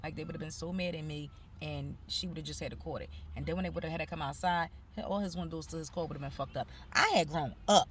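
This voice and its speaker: A woman's voice: low-pitched, quick pace, hardly any pauses. A woman, telling a profane story in a casual vlog and acting out the people she quotes. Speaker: vlogger. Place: outdoors.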